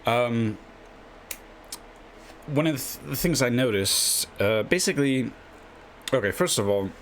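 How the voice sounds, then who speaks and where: A man's voice: medium pitch, lively intonation, a little slow, a little hiss or hum. A man hosting a casual chess video, rambling through his tips at his desk and tagging his lines with a questioning "yeah?". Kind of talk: casual screen-share explainer.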